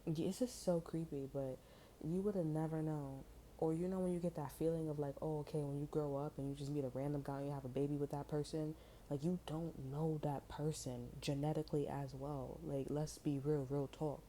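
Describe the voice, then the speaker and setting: A woman's voice: low voice, steady tone, brisk, dark tone, slight background noise. A woman giving a casual tarot reading in loose slangy talk, telling stories and acting out quoted voices along the way. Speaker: tarot reader.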